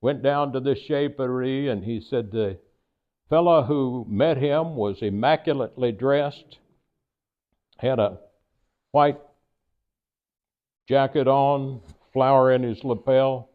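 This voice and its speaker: An older man with a Kentucky accent spins easygoing, humorous anecdotes in a folksy storyteller's way. His voice sits at an everyday middle pitch, and the recording sounds tinny and thin, like a phone line. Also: slow pace, long pauses. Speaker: guest speaker. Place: private residence, talk to a local society.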